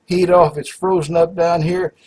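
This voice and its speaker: A man's voice: fairly high pitch, little pitch movement, moderate pace, a little mellow, slightly rough, voice pushed up. A man voicing a baffled, angry male devil in a joke, asking indignant, incredulous questions. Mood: exasperated. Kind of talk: joke told aloud.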